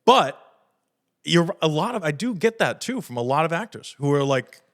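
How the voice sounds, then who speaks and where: A man's voice: on the high side, big pitch swings, moderate pace, fairly bright tone. A man in his thirties hosting a podcast, chatting casually in a jokey, slangy way and swearing freely. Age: 30s. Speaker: podcast host.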